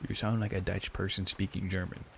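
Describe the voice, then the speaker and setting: Low and fairly level in pitch, this young man's brisk speech carries vocal fry over a faint hiss or hum. Casual and foul-mouthed, he talks with his stream's chat, full of "like" and "dude."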